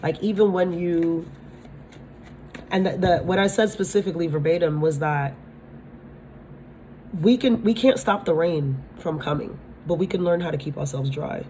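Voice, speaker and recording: A woman with a fairly low voice gives a spiritual reading to her viewers. She talks bluntly, swears without hesitation and keeps checking whether they follow her. A faint noise sits under the recording. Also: normal speed, long pauses, mellow. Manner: blunt, swears freely, asks "you understand?". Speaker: tarot reader.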